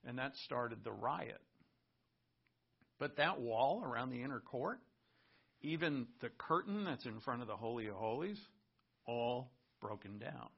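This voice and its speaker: A man's voice: mid-range voice, animated, measured pace, creaky, pauses often, slightly rough. A man preaching a sermon, reading scripture aloud and explaining it in an earnest teaching tone. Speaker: pastor. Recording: muffled lo-fi recording.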